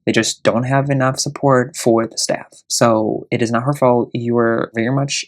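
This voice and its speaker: A man's voice: medium pitch, steady tone, normal speed. A man hosting a casual show, reading online stories aloud and giving blunt, profane, indignant verdicts on them.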